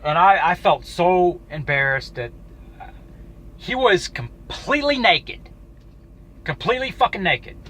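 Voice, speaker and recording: A man telling a personal story to camera in a casual, halting way, swearing often and restarting his sentences. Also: a little high, pushed and bright, a little hiss or hum, poor audio. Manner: profane, halting, with frequent restarts. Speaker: YouTuber.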